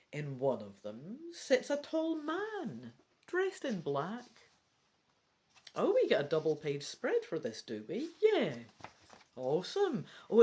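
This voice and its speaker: A woman with a low voice reads a gamebook aloud and comments on every choice in a chatty, self-mocking way. Her pitch swings widely as she talks, and she sometimes drops into a whisper. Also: a little mellow. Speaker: gamebook reader. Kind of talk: casual gamebook playthrough with reading aloud.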